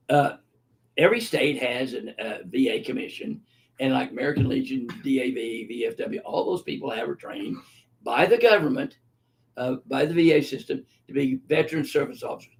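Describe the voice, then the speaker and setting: Blunt, gravelly-voiced older man doctor. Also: mid-range voice, animated, normal speed. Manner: blunt and profane, heated and emphatic. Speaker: physician answering viewer questions. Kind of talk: unscripted webinar Q&A.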